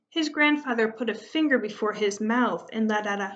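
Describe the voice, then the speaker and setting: A woman's voice: on the high side, moderate pace, few pauses. Woman teacher reading a story aloud. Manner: steady, expressive narration. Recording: muffled lo-fi recording.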